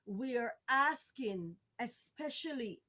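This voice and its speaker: A woman's voice: fairly high pitch, animated, slow pace, sharp tone. A middle-aged woman from Jamaica, making a pleading, repetitive fundraising appeal in a church-style exhortation. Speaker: fundraising campaigner.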